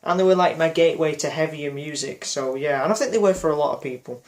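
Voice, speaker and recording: A man vlogging a loose personal reflection, his voice sitting a little higher than most men's. He rambles, circles back, and leans on fillers and restarts, apologising now and then for forgetting details. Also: fast. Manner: apologetic about memory slips. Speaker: music vlogger.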